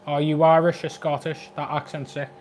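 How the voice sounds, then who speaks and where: A man in his twenties with a Scouse accent, chatting quickly and jokily on a livestream about his aquarium, reading out viewer comments. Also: on the high side, flat delivery, a little mellow, slight background noise. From Liverpool, England. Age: 20s. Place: flat at home.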